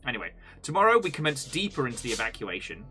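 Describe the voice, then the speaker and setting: A male expedition researcher, voiced by a man, reads his log in a mock-formal, put-on British accent. The voice is very bright and lively, rising and falling a lot, with faint music underneath. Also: mid-range voice, fast talker. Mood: reporting.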